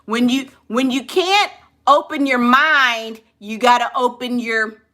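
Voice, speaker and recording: Taking her time, a woman with a somewhat high, sharp voice and a New Orleans accent hands out frank, sassy relationship advice. She's a relationship coach speaking in a relaxed, colloquial style.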